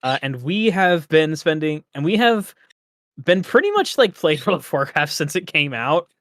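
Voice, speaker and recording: A man's voice: on the high side, big pitch swings, moderate pace, fairly bright tone, no echo, clean studio sound. A man co-hosting a casual gaming podcast, rambling and laughing often. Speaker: podcast co-host.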